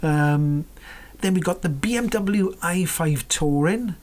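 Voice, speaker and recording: A woman's voice: lowish voice, slow pace, a little mellow. A woman vlogging about cars in a rambling, chatty way, often correcting herself and dropping into whispered asides. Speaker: car vlogger. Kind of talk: casual chat about cars.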